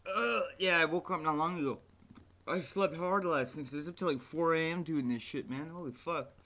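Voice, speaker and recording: A young man talking live as he builds a game, in a casual stream-of-consciousness ramble peppered with "like" and "man". His voice sits a bit high and sounds bright and sharp. He curses freely and sounds exasperated with his software. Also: a little fast. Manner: exasperated, swears a lot, rants at his software; fillers "like" and "man" throughout. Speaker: indie game developer streaming his work. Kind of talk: casual livestream commentary while working.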